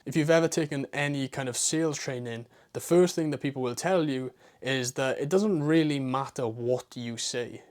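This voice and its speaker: Blunt man with a strong British accent. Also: medium pitch. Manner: blunt and casual, with swearing and slang; rhetorical questions in quick runs. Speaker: online business coach. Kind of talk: talking-head advice monologue.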